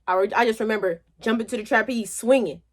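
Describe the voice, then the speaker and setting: A woman's voice: a little high, fast. A young woman vlogger telling a motivational story in a chatty, colloquial way.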